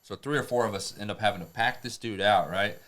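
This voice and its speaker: A man telling rough stories on a podcast, profane and rambling, laughing through them. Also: fairly low pitch, fast, fairly bright tone, a little hiss or hum. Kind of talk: casual storytelling.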